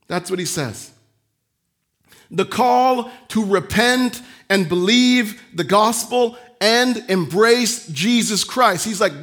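A male pastor preaching a sermon, animated, acting out the voices he quotes and swinging from loud emphasis to quiet, soft asides. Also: sits high, measured pace.

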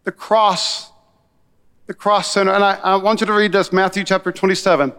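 Energetic high-voiced male pastor preaching. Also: moderate pace, smooth, in a large hall. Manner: energetic, conversational, calls to the congregation. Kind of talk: sermon.

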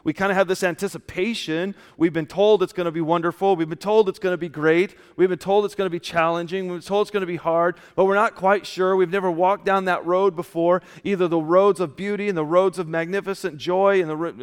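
Smooth-voiced pastor in a reverberant church. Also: male voice, sits high, fairly even intonation, fairly quick, few pauses. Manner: casual, dropping often to a soft hushed tone. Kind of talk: conversational sermon with stories. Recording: long church hall reverb.

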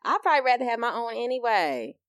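A woman's voice: fairly high pitch, sing-song, fast talker. A mother in her thirties co-hosting a podcast, chatting casually, swearing freely and laughing through her stories. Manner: profane, laughing storyteller. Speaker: podcast co-host. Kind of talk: casual chat.

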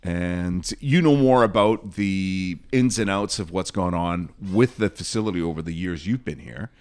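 Lowish voiced guy hosting a soccer podcast, bouncy and jokey. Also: normal speed, clean tone. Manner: jokey, animated. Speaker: podcast host. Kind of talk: casual podcast chat.

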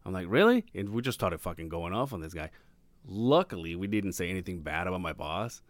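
A man's voice: low-pitched, fairly quick, no room sound. A man telling a story in casual podcast chat, swearing freely and acting out the voices of the people he quotes. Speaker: podcast guest. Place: podcast recording room.

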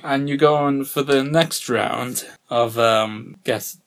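A man's voice: medium pitch, slow, fairly bright tone. A man co-hosting a casual podcast, teasing his co-host with jokes and puns. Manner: teasing, joking banter with puns.

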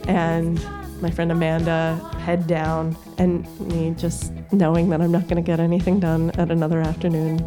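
A woman's voice: low-pitched, moderate pace, music in the background. A woman in her thirties telling a story as a podcast guest, acting out the voices of the people in it. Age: 30s. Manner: lively, acts out voices of classmates.

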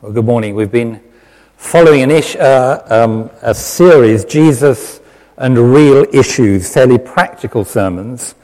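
A British lay preacher giving a conversational, self-deprecating sermon, with many fillers. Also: male voice, mid-range voice, unhurried, darkish tone. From Britain. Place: church hall with long reverb. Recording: reverberant church hall.

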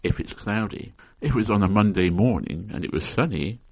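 Deadpan low-voiced man, lo-fi. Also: fairly quick, breathy edge. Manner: deadpan mock-scholarly, tongue-in-cheek. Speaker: podcast host. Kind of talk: solo spoken explainer.

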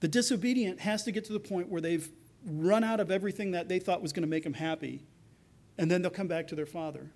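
A pastor with a strikingly high voice preaches a sermon as if live before a congregation, acting out quoted lines from the story with building intensity, then going back to explaining. He talks fast, with a slightly mellow tone.

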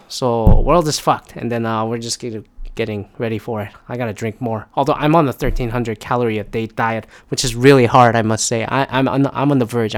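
A man's voice: mid-range voice, clean tone. A man hosting a casual podcast, musing off the cuff in a rambling way and chatting with a guest. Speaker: podcast host. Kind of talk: casual podcast monologue and chat.

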